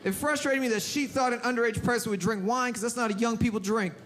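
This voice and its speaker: A young man performing stand-up comedy in a club, telling an animated story and acting out characters. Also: very high voice, fast talker. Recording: live club with loud crowd laughter and noise.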